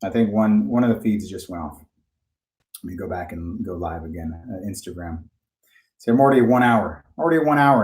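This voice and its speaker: A man's voice: mid-range voice, roomy sound, distant mic. A man coaching real estate agents in a live-streamed training talk, speaking bluntly and cursing freely. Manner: blunt, profane, animated.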